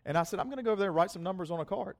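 Guy preaching, kinda high voice, dry close mic, rambles and repeats himself, acts out the back and forth. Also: lively intonation, rapid-fire, creaky, no room sound. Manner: rambling, self-mocking, repeats words, acts out both sides of a dialogue. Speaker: pastor. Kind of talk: sermon with personal story.

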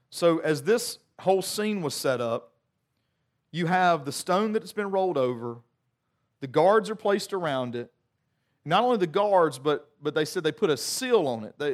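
A man delivers a sermon in a fairly high voice. He keeps it conversational, tossing in joking asides and restarting his sentences often. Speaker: pastor.

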